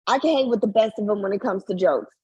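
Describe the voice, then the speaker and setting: A woman's voice: mid-range voice, quick pace, mellow, husky, dry recording, lo-fi sound. A woman co-hosting a podcast, talking in a blunt, sarcastic, casual way. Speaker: podcast co-host. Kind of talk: casual chat.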